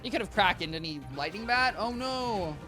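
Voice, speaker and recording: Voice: medium pitch, animated, moderate pace, music in the background. A young adult game streamer in casual gameplay commentary, rambling and chatting to viewers with lots of filler. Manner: rambling, talks to chat, heavy use of "like" and "guys".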